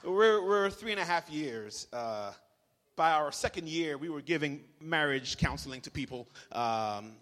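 A young man preaching a lively, joking sermon to a congregation, leading call-and-response. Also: a little high, a little slow. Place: church hall. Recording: reverberant hall.

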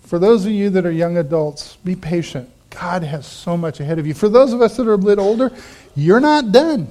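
Guy preaching, kinda high voice, acts out the lines, goes soft now and then. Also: brisk. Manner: animated, acts out quoted voices, drops to quiet asides. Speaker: pastor. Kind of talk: sermon.

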